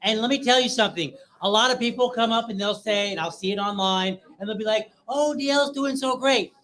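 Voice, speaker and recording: A man with a fairly high voice delivers closing words at a rally, emphatic and insistent as he thanks the volunteers. He speaks as a local party leader addressing his supporters. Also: a little fast, fairly bright tone, poor audio.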